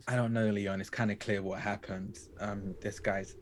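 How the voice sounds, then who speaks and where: Low-voiced man player, faint hiss. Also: level tone, normal speed. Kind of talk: casual tabletop role-play.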